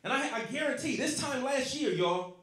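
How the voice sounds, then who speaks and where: A man's voice: extremely high pitch, expressive, moderate pace, fairly bright tone. A man from Los Angeles, telling profane, rowdy stories in a stand-up set. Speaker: stand-up comedian. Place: comedy club stage. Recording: echoey club with crowd laughter. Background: audience laughing.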